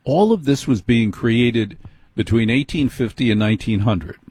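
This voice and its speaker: A man hosting a show, speaking in a measured, emphatic monologue and listing things one by one. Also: mid-range voice, expressive, darkish tone, breathy edge, no room sound. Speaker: host. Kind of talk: slow deliberate monologue.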